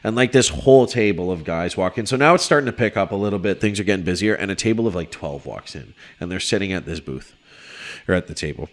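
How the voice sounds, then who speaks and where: Low-pitched male podcast storyteller, casual and profane, animated. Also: fast. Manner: animated, swearing, shouts when quoting people. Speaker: podcast co-host telling a story. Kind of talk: casual storytelling among friends.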